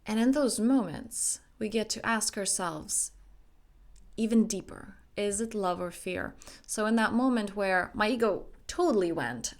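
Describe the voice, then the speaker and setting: A woman's voice: mid-range voice, a little slow. A young adult woman, a life coach, giving an emphatic motivational self-help talk, acting out her own inner dialogue.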